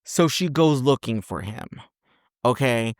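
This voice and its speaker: On a casual film review podcast, a male co-host with a mid-range voice recaps a plot at a measured pace. He's an animated storyteller who acts out the characters in exaggerated voices, and the studio sound is clean with no echo.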